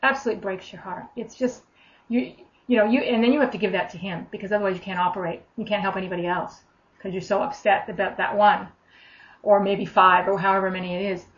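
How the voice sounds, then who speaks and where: A woman's voice: medium pitch, steady tone, fast talker. A woman minister teaching informally on faith healing, talking in a conversational way with many fillers, restarts and repeated phrases. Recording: dull lo-fi recording.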